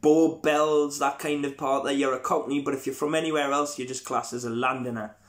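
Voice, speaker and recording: A man's voice: medium pitch, steady tone, brisk. A man with a Northumbrian accent, interviewing a guest in a casual, curious chat. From Northumberland, northeast England. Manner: inquisitive, conversational.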